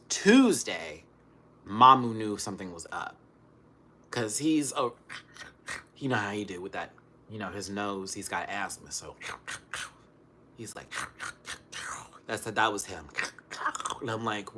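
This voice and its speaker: A man ranting casually on camera, swinging between loud outbursts and hushed muttering, still recovering from an illness. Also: lowish voice, lively intonation, normal speed, slight background noise. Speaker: vlogger.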